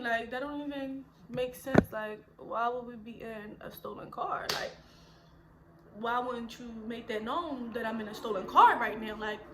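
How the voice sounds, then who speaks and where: Lively young Philly woman telling a story. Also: a little high, reverberant, noisy background. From Philadelphia. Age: 20s. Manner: animated, chatty, slangy storytelling. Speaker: vlogger. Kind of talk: storytime vlog.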